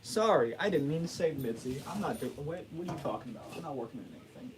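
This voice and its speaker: A man's voice: a little high, lively intonation, fast talker, crowd noise, rough recording. A man hosting a casual livestream, rambling and joking at his own expense, laughing and restarting often. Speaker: livestream host.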